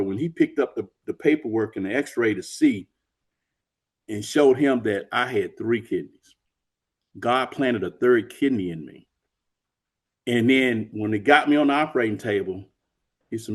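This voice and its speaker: A middle-aged man tells a personal story with deep earnestness. He slips into the voices of the people he quotes as he goes, and his pitch sits at an ordinary middle height for a man. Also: normal speed, husky. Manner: earnest, acts out quoted dialogue. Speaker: author and interview guest.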